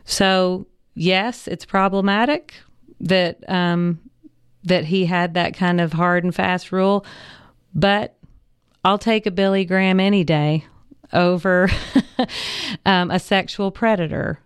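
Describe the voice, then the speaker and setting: A woman pastor, speaking thoughtfully as a radio interview guest, pausing with ums and laughing easily. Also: fairly low pitch, steady tone, smooth, no echo, studio quality. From American South. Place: radio studio.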